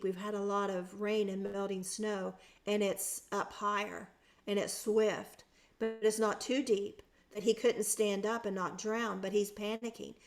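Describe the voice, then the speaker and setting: Earnest woman telling a personal story. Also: medium pitch. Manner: earnest, emotional, with frequent restarts. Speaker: podcast guest.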